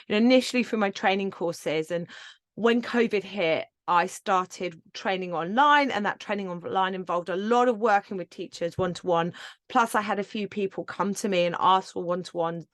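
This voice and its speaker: A woman's voice: mid-range voice, fairly bright tone, no echo. Passionate woman with a dry, close voice. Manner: passionate, emphatic, swears casually, laughs often. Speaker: podcast host and yoga teacher mentor. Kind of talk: solo podcast monologue.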